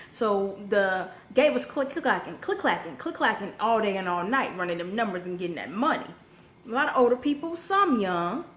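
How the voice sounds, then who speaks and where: Blunt, profane woman telling a storytime vlog. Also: fairly high pitch. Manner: blunt, profane, animated storytelling with sudden rises. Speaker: vlogger telling a personal story. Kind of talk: casual storytime monologue. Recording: echoey room with faint background noise.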